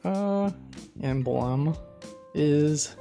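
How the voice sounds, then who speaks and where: A man's voice: on the high side, very slow, vocal fry, warm tone, soft background music. A man hosting a casual podcast, opening the show and trading playful, jokey banter. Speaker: podcast host. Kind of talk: casual chat.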